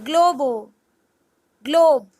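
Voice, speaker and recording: A woman reading a vocabulary lesson word by word in a measured, scripted way. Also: sits high, mellow, dry recording, low-quality recording. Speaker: language teacher.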